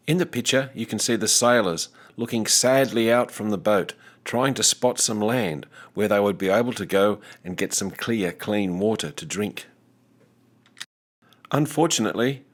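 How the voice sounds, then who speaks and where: A man teaching a recorded language lesson, speaking slowly and deliberately with careful enunciation. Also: lowish voice, fairly bright tone.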